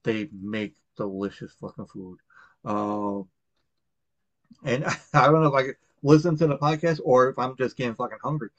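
A man's voice: medium pitch, normal speed, no echo. A man from Long Island hosting a podcast in casual chat, rambling and swearing, with lots of fillers and restarts. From Long Island, New York. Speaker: podcast host. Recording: dull, lo-fi, dry sound.

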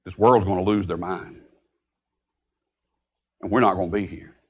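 A man preaching a sermon, breaking into sudden loud outbursts when he quotes scripture. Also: deep voice, steady tone, moderate pace, husky. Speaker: pastor.

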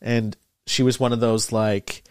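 A man's voice: mid-range voice, unhurried, smooth, dry recording, clean studio sound. A man, a comedian, joking and telling stories as a guest in a casual podcast chat. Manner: animated and joking, breaks into loud voices.

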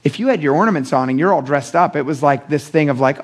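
A young adult man preaching a casual midweek sermon, talking in an animated, conversational way with slang and acting out the voices he quotes. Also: a little high, fast, few pauses. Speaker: pastor.

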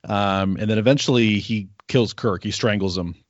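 A man's voice: on the low side, moderate pace, dry recording, lo-fi sound. A man co-hosting a podcast, casually recapping the plot with fillers and laughter. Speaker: podcast co-host. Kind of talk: casual chat recapping an episode.

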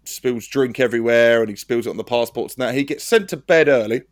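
A man's voice: mid-range voice, fast, dry recording, clean studio sound. A man co-hosting a podcast, chatting casually with swearing and jokey banter. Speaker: podcast co-host. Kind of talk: casual chat. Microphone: podcast mic.

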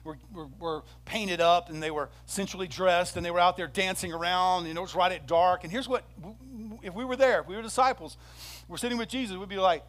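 Male pastor, sermon delivery, a bit high-pitched, acts out the quotes with energy. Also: fairly quick. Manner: animated storytelling, acts out quoted speech.

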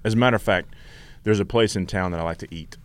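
A man's voice: fairly low pitch, fast. A man, co-hosting a casual podcast and rambling through easygoing stories. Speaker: podcast co-host. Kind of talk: casual chat.

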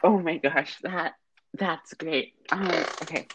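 Young woman cohosting a podcast, kinda low voice, gets excited fast, faint hiss. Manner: excitable, gasping, says oh my gosh a lot. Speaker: podcast co-host. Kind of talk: casual chat.

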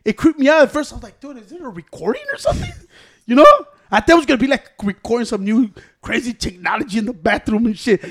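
Young male co-host with a very high voice, spinning profane, laugh-filled stories in loose chat. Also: quick pace, few pauses. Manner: animated, profane, laughs often while telling stories. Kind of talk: casual storytelling among friends.

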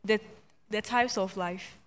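A woman's voice: medium pitch, steady tone, a bit bright. Girl answering in a reverberant hall. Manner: halting, then listing steadily. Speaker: student. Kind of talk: answering a teacher.

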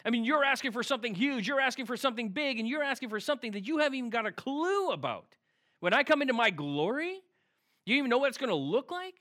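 A man with a notably high voice delivers a sermon as a pastor. He prays, then talks through scripture in a conversational tone and keeps asking rhetorical questions. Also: big pitch swings, fast talker, pushed and bright. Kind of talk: sermon with prayer. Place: preaching to an online audience at home.

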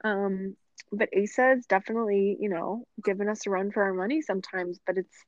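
A woman's voice: mid-range voice, steady tone, fairly quick, no room sound. Chatty woman on a dull, dry recording. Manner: chatty and reflective, many "you know" fillers, laughs often. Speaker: guest, yoga teacher and mother. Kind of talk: casual podcast conversation. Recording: dull, lo-fi sound.

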